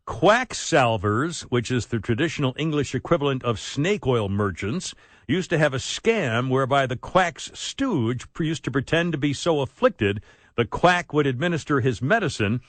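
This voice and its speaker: Lively wisecracking male radio host. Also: mid-range voice, moderate pace, dry recording. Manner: wisecracking, laughs at his own jokes. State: frog in his throat, clearing it. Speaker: radio talk show host. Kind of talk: talk radio commentary. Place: radio studio. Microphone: studio microphone.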